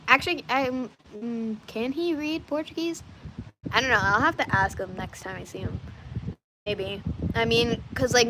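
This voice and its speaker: A woman's voice: fairly high pitch, pushed and bright, slight background noise. A woman chatting casually to her live audience, rambling through stories with frequent restarts and asides. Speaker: livestreamer.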